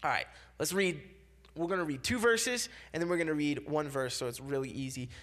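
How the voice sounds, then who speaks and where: A man's voice: on the high side, a little fast, fairly bright tone. A young man giving a casual sermon, talking loosely with many fillers and repeats and acting out quoted voices.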